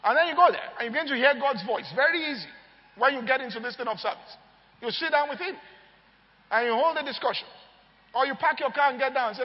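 A man's voice: very high voice, fast. A man preaching a sermon, telling stories with energy and often asking the crowd if they follow him. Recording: long hall reverb, dull lo-fi sound.

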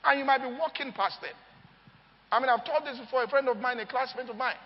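A man with an extremely high, quick voice preaches a sermon, telling stories energetically and often checking whether the crowd is following him. The recording has a long hall reverb and a dull, lo-fi sound.

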